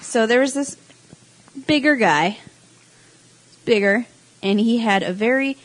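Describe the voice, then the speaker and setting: A young adult woman co-hosting a casual podcast chat, telling animated stories and acting out the people she quotes. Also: fairly high pitch, unhurried, low-quality recording. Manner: animated storyteller, acts out quoted voices. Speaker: podcast co-host.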